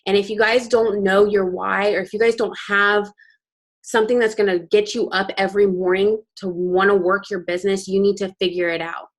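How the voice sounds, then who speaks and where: A woman's voice: mid-range voice, level tone, moderate pace. Young woman, motivational guest speaker, fervent and candid, on a video call. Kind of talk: motivational team training talk.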